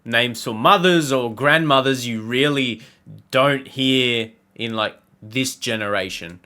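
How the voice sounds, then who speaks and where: A man with a bright, forward voice hosts a reaction video. He talks loosely and casually, circling his thoughts with small fillers. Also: medium pitch, slow pace.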